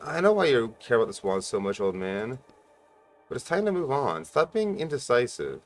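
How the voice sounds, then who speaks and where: A man voicing a fed-up young man who shouts contemptuous threats while holding a wand. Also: medium pitch, big pitch swings, normal speed, soft background music, voice pushed up, close to an everyday voice. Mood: furious.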